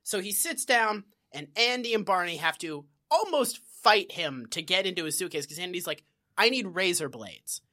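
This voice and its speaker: A woman's voice: lowish voice, normal speed, few pauses. A woman co-hosting a podcast in casual chat about a TV show, swearing freely and slipping into mock voices. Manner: profane, animated, bursts into mock voices. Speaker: podcast co-host.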